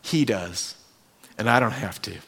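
A male pastor preaching a sermon in a church, swinging between loud emphasis and hushed tones. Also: lowish voice, a little slow, gravelly, slightly rough. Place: church sanctuary.

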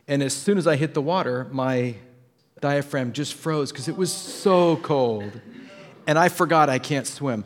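A middle-aged man, a pastor, telling a story in a sermon and jumping his voice up to act out the people in it. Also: slight background noise. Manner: animated storytelling, acts out voices with jumps in pitch.

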